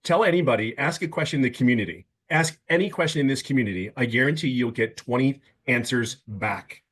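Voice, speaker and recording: A man in his fifties giving an emphatic, casual testimonial on a webinar video call, stumbling over words when excited. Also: medium pitch, a little fast. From California. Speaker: webinar guest.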